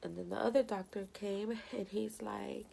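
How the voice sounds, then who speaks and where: While doing makeup, a young woman vlogger tells a rambling personal story packed with "you know," occasionally getting tearful. Her voice is medium in pitch, steady, gravelly and dark, at a normal speed.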